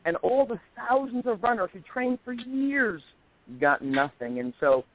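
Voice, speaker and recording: A man in his forties, a guest in a casual chat, telling stories with animated delivery and acting out quoted voices. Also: very high-pitched, unhurried. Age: 40s. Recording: tinny phone line.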